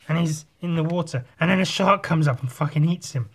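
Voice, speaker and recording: A man's voice: a little high, a little fast, few pauses, fairly bright tone, slight background noise. A man in casual chat while drawing, rambling through a story and swearing often. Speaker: artist.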